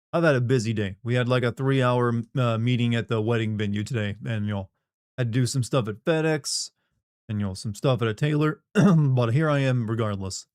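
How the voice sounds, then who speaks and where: A man's voice: mid-range voice, darkish tone, no room sound, studio quality. A young man live-streaming a game, rambling casually and joking with viewers, with a profane, self-mocking way of talking.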